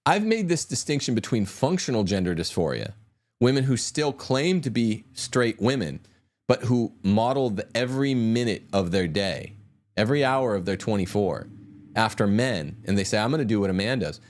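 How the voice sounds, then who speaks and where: A man's voice: on the low side, animated, normal speed. A man hosting a podcast, talking in an emphatic, combative way with sweeping asides. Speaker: podcast host. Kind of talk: opinionated podcast talk.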